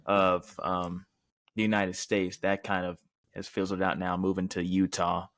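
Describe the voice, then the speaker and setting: A man co-hosting a sports podcast, explaining in a measured, easygoing way. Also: deep voice, level tone, a bit bright, no room sound, studio quality. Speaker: podcast co-host. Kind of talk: casual sports talk.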